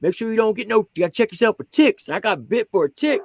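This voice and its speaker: A man's voice: sits high, sing-song, fast talker, creaky, a little hiss or hum, voice pushed up, heavily acted. A man doing a big brash drill sergeant. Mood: bossy. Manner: bossy, loud, casual slang.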